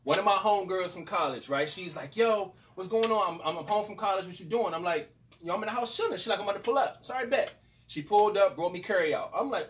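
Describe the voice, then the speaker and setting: A young man with a high-set voice spins a profane, animated story, doing every line of dialogue himself. He sits away from the microphone, and faint noise runs under the recording. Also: fast talker. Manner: profane, animated, acts out both sides of dialogue. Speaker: podcast host. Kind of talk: casual storytelling. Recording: distant mic with faint noise.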